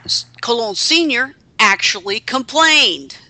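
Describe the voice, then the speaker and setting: Bright-voiced woman in wry chatter. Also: on the high side, animated, slow. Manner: chatty, many restarts, wry and indignant. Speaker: podcast co-host. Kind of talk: casual chat about pro wrestling.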